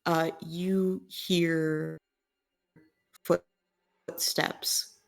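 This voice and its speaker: A woman runs a tabletop game as game master. She narrates at an unhurried, drawn-out pace. Her voice sits a little low. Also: little pitch movement, gravelly.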